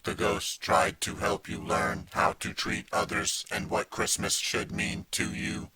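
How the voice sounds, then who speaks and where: A cold robot ghost drones each word like a computer, as a man puts on a metallic voice. The voice sits extremely low and barely moves in pitch, yet has a sharp, bright edge. It is a storybook audiobook figure, unfeeling and slow. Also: completely flat delivery, exaggerated voice. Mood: cold, droning. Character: cold droning robot ghost of the future, male. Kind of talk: audiobook character voice.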